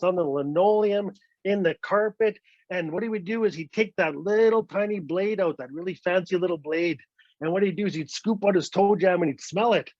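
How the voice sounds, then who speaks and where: A man tells a funny folk tale, his voice sitting a little high for a man. He plays with repetition and keeps tagging lines with "eh". The sound is dull and very dry, like a lo-fi video call. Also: dry recording. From Northwest Territories, Canada. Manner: lively, playful, repeats words for effect, ends lines with "eh". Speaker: storyteller. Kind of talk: told folk story, casual and humorous. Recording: dull, dry lo-fi online recording.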